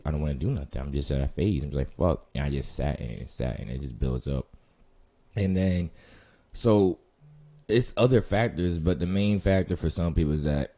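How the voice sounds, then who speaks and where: A man's voice: rumbling low, mellow. A man hosting his vlog, talking in a rambling, slangy and profane way straight to the listener. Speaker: vlog host. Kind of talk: casual monologue to camera.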